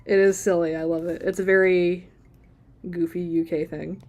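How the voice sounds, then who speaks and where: A woman's voice: lowish voice, level tone, normal speed, darkish tone, dull audio. A woman streaming live as she draws, chatting casually in a rambling, playful way and laughing often. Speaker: livestream artist. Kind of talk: casual chat while drawing.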